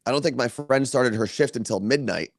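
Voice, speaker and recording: A man's voice: medium pitch, fairly quick, no room sound, clean studio sound. A man co-hosting a podcast, telling a long story in casual chat from a hotel room and laughing often. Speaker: podcast co-host.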